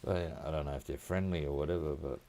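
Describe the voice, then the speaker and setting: A deep, gravelly-voiced Australian man in middle age, talking loosely over gameplay. His tone is dark and mellow, and he rambles in a relaxed way, dropping slang like "mate" and "reckon" with easy chuckles. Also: fast. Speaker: gaming streamer. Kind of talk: casual gameplay chat.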